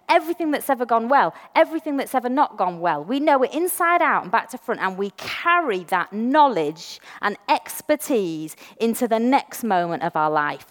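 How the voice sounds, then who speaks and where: Lively English woman preaching in a hall. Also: fairly high pitch. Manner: chatty and self-deprecating, reads scripture slowly and deliberately. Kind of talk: sermon with scripture reading.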